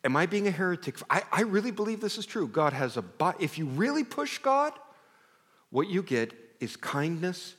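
Animated male preacher in a reverberant hall. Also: high voice, moderate pace, breathy edge. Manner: animated, conversational, self-interrupting, drops to near whisper. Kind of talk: sermon. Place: church sanctuary.

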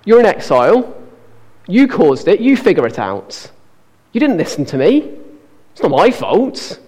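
A man's voice: high-pitched, very animated, warm tone, long reverb tail, exaggerated voice. A man putting on an impatient, dismissive God. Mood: scolding. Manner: brisk, exasperated, talking down.

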